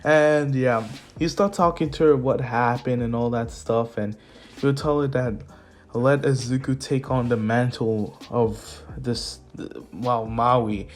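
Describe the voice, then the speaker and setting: A man's voice: medium pitch, steady tone, slow pace. A man casually retelling a fan what-if story, rambling, chuckling and correcting himself. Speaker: YouTube storyteller. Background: faint lo-fi music.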